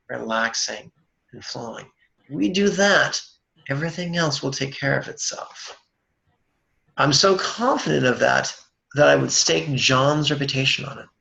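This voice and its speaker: A man leading a guided meditation as its teacher, speaking in a slow, measured way and dropping dry jokes between chants. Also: medium pitch, gravelly, bright, forceful tone, low-quality recording.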